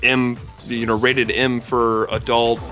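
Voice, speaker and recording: A man co-hosting a casual podcast chat, relaxed and a little hesitant, trailing into fillers. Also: mid-range voice, slow, faint music behind. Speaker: podcast co-host.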